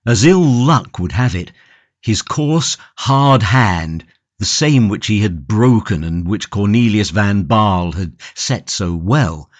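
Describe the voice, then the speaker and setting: A man narrating a classic novel audiobook in a measured, steady reading from a close studio mic. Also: on the low side, no echo. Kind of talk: scripted narration.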